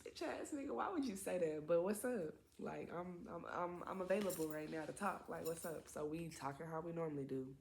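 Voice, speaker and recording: A young woman with a low voice tells a story on her vlog. Her talk is slangy and full of swearing, with chatty side comments. Faint noise sits behind her. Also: fairly quick, few pauses, darkish tone. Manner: slangy, profane, chatty asides. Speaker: vlogger. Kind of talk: casual storytime.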